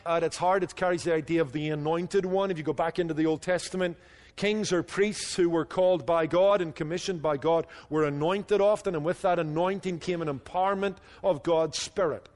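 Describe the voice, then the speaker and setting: A man preaching a sermon as pastor, earnest, dropping low and quiet on his key points. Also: steady tone, fairly quick, big-room sound.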